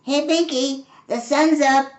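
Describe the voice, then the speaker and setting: A woman's voice: high voice, normal speed, pitched above the performer's own voice, close to an everyday voice. An older woman voicing a friendly young male fox in a storybook, cheerful and encouraging in a raised voice. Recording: roomy echo.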